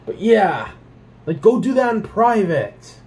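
Profane ranting young man, raised pitch. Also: slow pace. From Canada. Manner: profane, animated ranting with many fillers. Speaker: vlogger. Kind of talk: casual ranting monologue.

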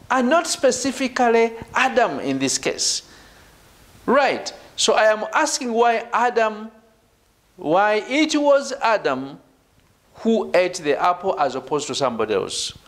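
A middle-aged male professor gives a university lecture, his fairly high voice rising and falling in lively swings. He works through each point slowly and deliberately, repeating himself for emphasis and checking in with his students. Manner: repetitive and emphatic, punctuating points with "right?" and "ladies and gentlemen". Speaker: professor leading a doctoral seminar.

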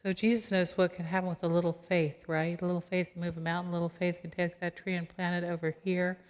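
A middle-aged woman pastor giving a sermon in a conversational, animated storytelling way, acting out quoted voices. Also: on the low side, fast talker. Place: church sanctuary. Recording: long church reverb.

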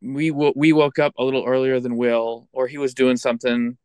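A man chatting as a guest musician in a relaxed interview, candid and a little self-deprecating as he looks back. His voice sits at an ordinary middle pitch. The sound is close and dry, with no room around it. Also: fairly quick, smooth, no room sound. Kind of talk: casual interview chat.

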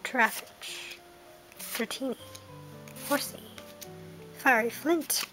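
A young British woman with a high, light voice talks slowly through a card unboxing. She reads out each card in a soft running list and breaks into small excited reactions at the good pulls. Music plays clearly underneath her. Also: rough recording. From United Kingdom. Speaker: card-opening vlogger. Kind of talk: casual card-opening commentary.

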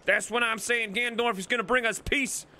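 A man putting on a loud, blustering voice as a grumpy old-timer ranting about the old days. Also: very high-pitched, steady tone, brisk, slight background noise, pitched above the performer's own voice, full character voice.

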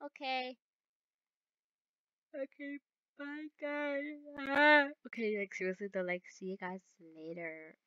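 A young woman giving casual, excitable gameplay commentary, often laughing and shouting at the game. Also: high voice, slow, pauses often, clear, resonant tone, dry recording, muffled recording. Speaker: gaming YouTuber.

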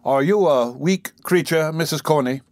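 A man playing a pompous, self-important male parish beadle who speaks gravely. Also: a little high, moderate pace, no echo, clean studio sound, close to an everyday voice. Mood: tender.

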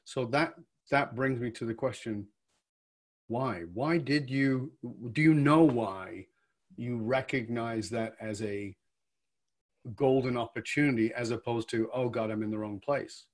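A man hosting an interview, telling an anecdote and asking questions in a lively conversational way. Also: medium pitch, measured pace. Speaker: podcast host, interviewer.

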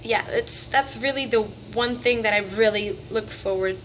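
A young woman of nineteen talks to camera in a relaxed, bubbly vlog style. She rambles and restarts her sentences as she goes. Her voice sits a little high, with a faint hiss of noise under it. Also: moderate pace. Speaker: vlogger. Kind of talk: casual vlog chat.

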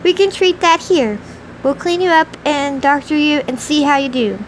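A woman reader voicing a brisk, commanding, dry-humored woman doctor in an audiobook. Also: sits high, a little hiss or hum, pitched above the performer's own voice, natural voice, rough recording. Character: brisk no-nonsense woman doctor, middle-aged.

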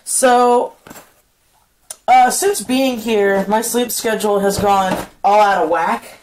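A woman vlogging in casual chat, rambling and swearing freely, speaking in a soft hushed voice outdoors at night while walking a dog. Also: mid-range voice, takes it slowly, a little hiss or hum.

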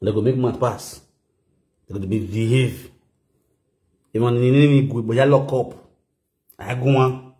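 A man's voice: mid-range voice, moderate pace, long pauses, roomy sound. A man with a Nigerian accent chatting loosely and laughing often on a live stream. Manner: laughing, rambling, animated. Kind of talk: casual live-stream chat.

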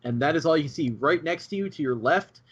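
A man narrates as game master, his voice husky from a sore throat and lively in pitch as he paints each scene. His mic sounds dull and lo-fi. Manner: descriptive, playful, measured narration.

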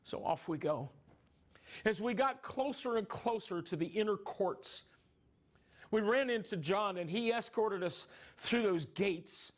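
A man's voice: high-pitched, animated, a little slow. A man playing James, an anguished grieving brother. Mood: earnest. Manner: emotional, rising into anguished cries. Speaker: dramatic storyteller. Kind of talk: first-person dramatic monologue.

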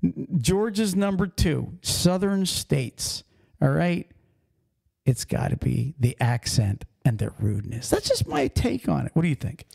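Gravelly, animated trucker host. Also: male voice, on the high side, a little slow. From Pennsylvania. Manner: animated storytelling, acts out accents. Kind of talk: casual podcast chat.

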